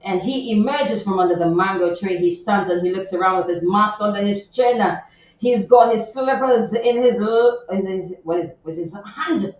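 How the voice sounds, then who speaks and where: In a casual radio studio chat, a woman morning host with a mid-range voice talks at normal speed about a viral story from social media. She gets indignant and chatty, making many asides, and the audio sounds very echoey, distant and dull.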